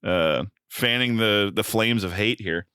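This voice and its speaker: A low-voiced man co-hosting a casual podcast with a smooth, resonant tone. He talks in a dry, wry, joking way, trailing into ums now and then. The sound is close and dry. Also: unhurried, bright, forceful tone, no room sound. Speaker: podcast co-host. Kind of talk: casual film-review chat.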